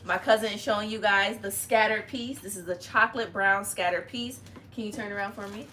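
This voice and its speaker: A woman's voice: medium pitch, steady tone, fairly quick, sharp tone, slight background noise. A woman hosting a casual family livestream, chatting and greeting viewers by name. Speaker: live stream host. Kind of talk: casual live chat.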